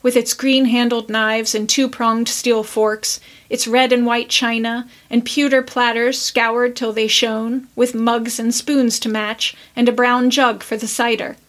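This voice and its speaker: Higher-voiced woman reading a story aloud. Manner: measured, expressive narration. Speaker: podcast host reading aloud.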